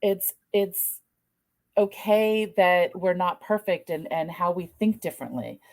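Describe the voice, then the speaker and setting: A woman's voice: lowish voice, lively intonation, unhurried, darkish tone. A middle-aged woman hosting a podcast interview, chatty and self-deprecating, laughing easily about her own parenting. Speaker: podcast host.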